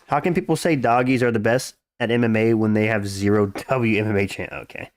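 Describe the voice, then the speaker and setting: A man's voice: fairly low pitch, steady tone, fairly quick, hardly any pauses, dry recording, clean studio sound. A man live-streaming fights, chatting casually, reading out chat questions and answering them bluntly with crude jokes. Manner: blunt, joking, crude and dismissive.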